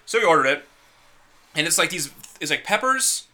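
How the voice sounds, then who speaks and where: A young man co-hosting a casual podcast, telling a story in a profane, animated way. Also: on the high side, moderate pace. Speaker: podcast co-host. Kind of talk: casual chat.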